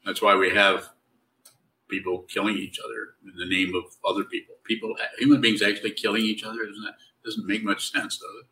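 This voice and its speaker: A man with a lowish, bright voice answers students' questions like a meditation teacher. He talks loosely and conversationally, teasing now and then. The mic sits some way off. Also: distant mic, rough recording. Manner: relaxed, conversational, wry and teasing. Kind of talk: spiritual Q&A teaching.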